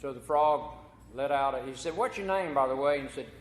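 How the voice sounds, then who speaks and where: A man's voice: mid-range voice, a little fast. A man preaching a folksy sermon as pastor, telling a corny joke before turning to scripture. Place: church sanctuary. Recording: echoey church hall.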